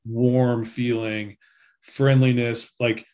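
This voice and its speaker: A man's voice: medium pitch, flat delivery, slow pace, a little mellow. Easygoing man chatting as a guest. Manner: easygoing, rambling with fillers. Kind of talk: casual interview chat.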